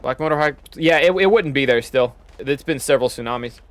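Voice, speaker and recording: Male game streamer, average pitch, casual muttering commentary. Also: fairly quick, a bit bright, dry recording. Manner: thinks aloud, muttering to himself.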